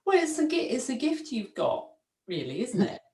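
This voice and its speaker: A woman's voice: a little high, huge pitch swings, moderate pace, a little mellow. A woman hosting a casual interview, encouraging and laughing along with her guest. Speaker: host. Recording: roomy echo, distant from the mic.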